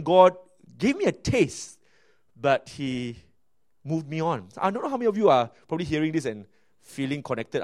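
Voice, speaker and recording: A man with a Malaysian English accent, a pastor telling stories in a sermon, chatty and animated with many fillers and restarts. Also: medium pitch. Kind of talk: sermon storytelling.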